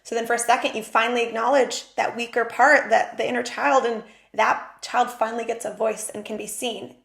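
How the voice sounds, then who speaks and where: Frank, animated woman host, echoey room. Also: a little high, a little fast, creaky. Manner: animated, frank, swears casually. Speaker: podcast host. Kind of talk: candid conversational chat.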